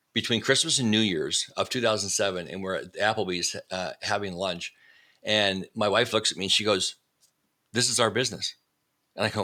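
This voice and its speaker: A man, a vacation rental company owner, telling his story in a casual remote interview and acting out the dialogue as he goes. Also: on the low side. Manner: animated, acts out quoted dialogue. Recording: remote video call.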